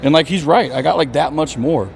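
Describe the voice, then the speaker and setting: A man's voice: on the high side, gravelly, slight background noise. A male bodybuilder chatting in a gym, cursing a lot and talking with emphasis. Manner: profane, emphatic, fast-talking. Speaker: bodybuilder vlogger. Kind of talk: casual gym chat.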